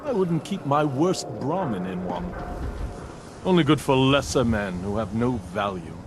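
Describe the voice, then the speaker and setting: A man's voice: mid-range voice, big pitch swings, a little slow, background noise. An actor playing a snobbish, haughty rich old man in a video game. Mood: disdainful. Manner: haughty, disdainful.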